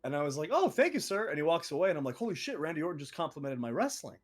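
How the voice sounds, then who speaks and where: A young man co-hosts a casual podcast and tells stories with lots of energy. His voice sits a bit high and swings widely in pitch. He breaks into laughs and acts out quoted voices. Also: animated, racing. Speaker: co-host.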